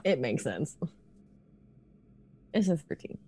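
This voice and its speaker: A woman's voice: low voice, very animated, takes it slowly, mellow, husky. A woman player in a tabletop horror game, narrating her character's actions with emotion and frequent laughter.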